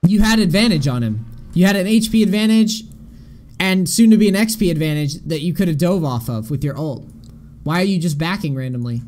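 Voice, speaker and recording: A man's voice: fairly high pitch, animated, fairly quick, a little mellow. Blunt, exasperated young man coaching. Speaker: game coach. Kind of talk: live-stream coaching commentary.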